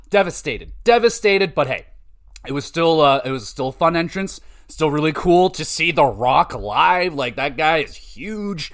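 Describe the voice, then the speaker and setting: A man hosting a podcast in casual chat, telling an excitable, profane story in an animated way. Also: a little high, normal speed. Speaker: podcast host.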